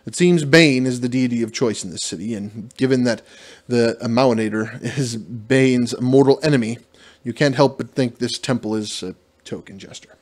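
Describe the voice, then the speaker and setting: A man's voice: mid-range voice, normal speed, darkish tone. Man narrating a solo fantasy adventure. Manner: self-deprecating, stumbles over fantasy names. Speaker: dungeon master playing a solo adventure. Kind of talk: reading a gamebook aloud with casual asides.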